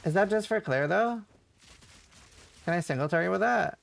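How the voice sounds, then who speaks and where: A man's voice: high-pitched, expressive, moderate pace, creaky. A man chatting casually as a streamer while playing a game, slangy and playful. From Norway. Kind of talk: casual gaming commentary.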